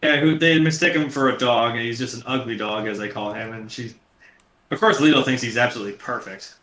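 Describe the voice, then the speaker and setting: A man's voice: mid-range voice, a little fast, sharp tone, echoey room. A man co-hosting a casual film talk show, rambling and swearing freely, with many restarts. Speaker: podcast co-host.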